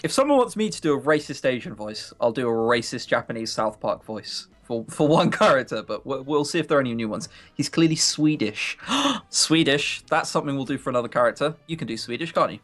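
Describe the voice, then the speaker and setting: Joking male streamer with a lively pitch. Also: a little fast, few pauses. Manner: joking, teasing his co-host. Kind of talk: casual banter on a live stream.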